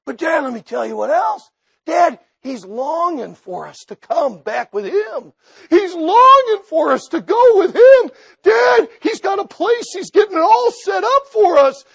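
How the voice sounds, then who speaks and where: A male preacher voicing a big, excitable grown son who shouts and sobs with eager news. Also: extremely high pitch, unhurried, gravelly, husky, dry recording, pitched above the performer's own voice, full character voice. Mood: pleading.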